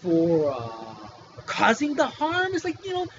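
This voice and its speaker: A man with a strikingly high voice speaks in a casual vlog monologue, agitated and pressing one pointed question after another. The recording is muffled and lo-fi, with a faint hiss underneath. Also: huge pitch swings, a little slow, fairly bright tone. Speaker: whistleblower telling his story.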